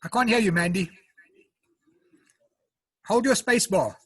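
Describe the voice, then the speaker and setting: A man's voice: sits high, a little slow, husky, no room sound. A man with a South African accent chatting through a cooking demo on a video call, explaining each step and eating as he talks. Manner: chatty, explains step by step, eats while talking. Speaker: home cook presenting. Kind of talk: casual live cooking demo.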